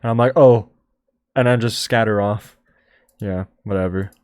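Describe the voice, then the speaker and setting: A young man chats casually on his podcast in a fairly low voice. He rambles, stops and restarts, and fills the gaps with ums. The recording is close and dry, with no room sound at all. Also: steady tone, moderate pace, clean tone, no room sound. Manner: rambling, many fillers and restarts. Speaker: streamer podcast host. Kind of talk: casual chat.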